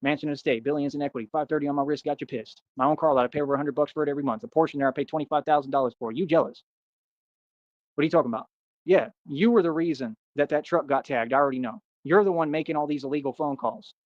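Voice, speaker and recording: Fast-talking boastful man ranting. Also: on the high side, no echo, dull audio. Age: adult. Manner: boastful, combative, defiant. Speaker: livestreamer answering chat. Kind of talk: ranting live stream.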